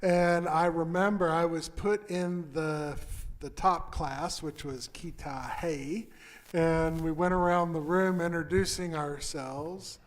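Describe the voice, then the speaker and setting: A man from Texas with a Texas accent, a rabbi leading a service in a synagogue and telling a story in a slow, relaxed way. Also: fairly high pitch. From Texas, USA. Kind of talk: leading prayer with a told anecdote. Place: synagogue sanctuary.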